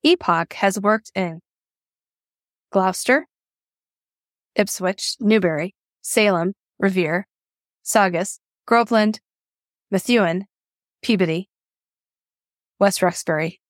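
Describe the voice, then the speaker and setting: Steady woman podcast host. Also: medium pitch, no room sound, studio quality. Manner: reads a steady, measured introduction. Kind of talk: scripted introduction and casual interview.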